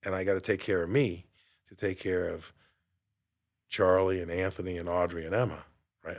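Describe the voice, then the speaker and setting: A man in his late fifties, a podcast host and fitness coach, giving an emphatic motivational talk in a studio, swinging between loud bursts and quiet asides. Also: deep voice, little pitch movement, normal speed, long pauses. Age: 50s.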